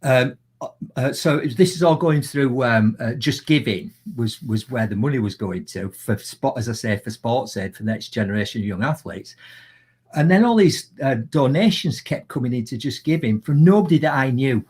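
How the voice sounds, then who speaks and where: A man with a Yorkshire accent tells lively anecdotes as a guest on a live video call. His voice is husky and sits in an ordinary middle pitch. He talks in a chatty, animated way, full of asides. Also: moderate pace. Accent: Yorkshire English. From Yorkshire, England. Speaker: guest, motivational speaker. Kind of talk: casual storytelling in a live video chat.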